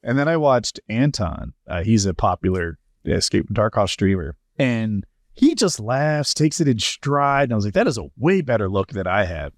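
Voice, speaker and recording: A man's voice: fairly low pitch, sing-song, normal speed, no room sound, studio quality. A man who streams games, guesting on a casual podcast and acting out his own past reactions as he talks.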